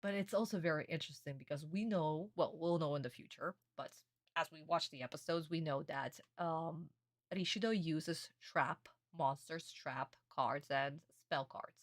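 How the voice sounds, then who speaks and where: Excitable young woman streamer, low voice. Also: normal speed, dry recording, clean studio sound. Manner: excitable, laughing often, swearing casually. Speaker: streamer reacting to an anime. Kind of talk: casual reaction commentary.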